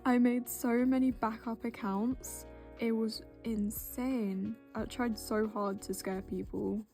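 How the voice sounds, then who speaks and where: A young British woman whose accent keeps drifting toward American, talking in a mellow, rather dark voice. She rambles and pokes fun at herself, late-night tired, over faint background music. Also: fairly high pitch, steady tone, takes it slowly. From Britain. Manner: rambling, self-deprecating, full of "like" fillers. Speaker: art vlogger. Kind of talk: casual chatty voice-over while drawing. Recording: soft music bed behind.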